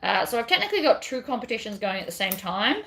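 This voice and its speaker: A woman's voice: fairly high pitch, sing-song, fast talker, fairly bright tone. A woman chatting casually while she sews a bag on a livestream, reading viewer comments and rambling between steps. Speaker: bag pattern designer. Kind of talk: casual livestream crafting chat.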